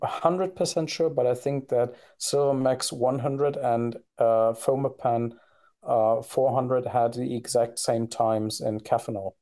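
Hesitant man with a mellow voice. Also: mid-range voice, fairly even intonation, measured pace. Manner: hesitant, many fillers and restarts. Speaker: podcast co-host. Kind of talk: casual conversation.

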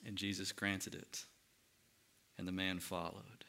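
A man preaching a sermon, swinging between loud emphatic lines and hushed, quiet ones. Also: deep voice, flat delivery, a little slow, vocal fry. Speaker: pastor.

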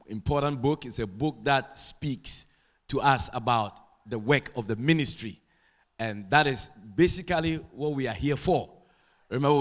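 A man preaching a sermon as pastor, chatting with the congregation and building to loud sing-song preaching. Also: medium pitch. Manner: asks the congregation for responses.

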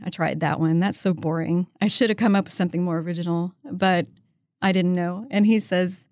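A woman in her fifties, an interview guest telling her story in a casual, animated way, often slipping into the voices of the people she quotes. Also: on the low side, fairly quick, no room sound, studio quality. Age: 50s. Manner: chatty, with frequent "um" and "you know".

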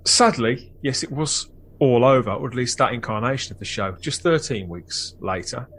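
A man hosting a fan podcast, talking in a wordy, reflective way with animated bursts. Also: medium pitch, moderate pace, slight background noise. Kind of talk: casual chat and reflective narration.

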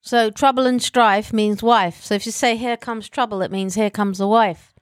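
A woman's voice: medium pitch, fairly even intonation, moderate pace. A middle-aged woman with a British accent, co-hosting a casual podcast. She talks in a dry, matter-of-fact way, explaining things plainly. Her voice is recorded close, with a dry sound and no room echo. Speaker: podcast co-host. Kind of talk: casual chat.

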